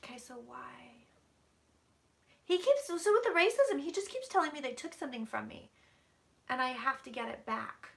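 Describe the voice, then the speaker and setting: A woman's voice: high-pitched, expressive, moderate pace, gravelly, pauses often. A woman psychic channeling on a live stream from her room, talking intensely, dropping to whispers and swearing freely. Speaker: psychic reader.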